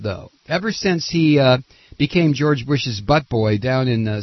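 A male talk radio host speaks in a husky, breathy voice, recorded dry and close with a slightly dull lo-fi sound. He comes across as indignant and sarcastic. His delivery is halting, full of fillers and restarts. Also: mid-range voice, no room sound. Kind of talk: political talk radio monologue.

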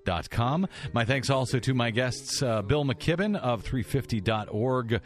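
A man hosting a radio talk show, casual and halting with many fillers, speaking at a studio microphone. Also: medium pitch, faint music behind.

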